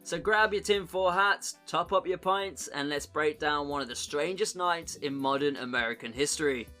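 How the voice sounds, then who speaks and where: A man hosting a comedy podcast, jokey and energetic, with dramatic storytelling pauses. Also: a little high, soft background music. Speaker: podcast host.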